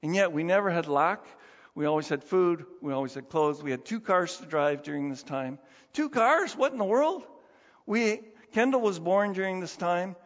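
Man, middle-aged, pastor, animated sermon, rhetorical questions, slightly high voice, echoing hall, muffled recording. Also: fairly quick. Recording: dull, reverberant hall sound.

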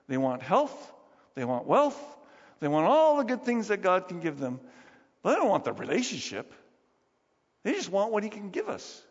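A man preaching a sermon as pastor, conversational and emphatic, acting out the lines he quotes. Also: high voice. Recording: dull lo-fi sound, long hall reverb.

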